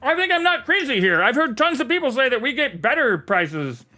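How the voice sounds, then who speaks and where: A man's voice: very high-pitched, sing-song, a little fast, bright, forceful tone. A man chatting casually on a live stream, reading chat aloud and swearing freely. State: talking with mouth full.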